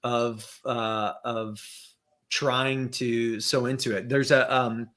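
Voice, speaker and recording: A man's voice: mid-range voice, little pitch movement, takes it slowly, fairly bright tone. A man as a podcast guest in casual conversation, thinking aloud with many fillers and restarts, over a video call.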